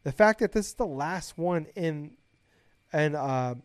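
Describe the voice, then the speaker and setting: A young man hosting a casual podcast, rambling excitedly, swearing a lot and getting loud when hyped. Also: fairly high pitch, unhurried, clean tone, dry recording. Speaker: podcast host.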